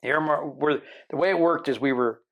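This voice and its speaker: A man in his sixties, a podcast guest, telling a long story in a lively way and acting out the people he quotes. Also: on the high side, a little fast. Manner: animated storyteller who mimics the people he quotes.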